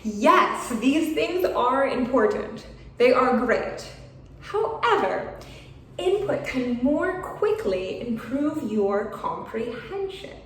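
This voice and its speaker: A woman teaching an English lesson, speaking slowly and frankly with an encouraging tone. Her voice sits a little high and comes from some distance in a strongly echoing room. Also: big pitch swings, slight background noise. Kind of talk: video lesson talking to camera.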